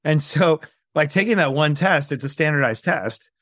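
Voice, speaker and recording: A man in his forties from New York, a guest entrepreneur telling his life story in an interview, animated and acting out dialogue. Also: on the high side, normal speed, no echo, studio quality. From New York, USA. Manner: animated, acts out quoted dialogue.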